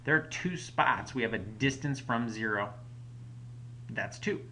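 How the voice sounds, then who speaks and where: A man's voice: mid-range voice, expressive, a little slow, sharp tone, a little hiss or hum. A man teaching a recorded math lesson at home, explaining each step patiently in a casual way. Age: adult parent.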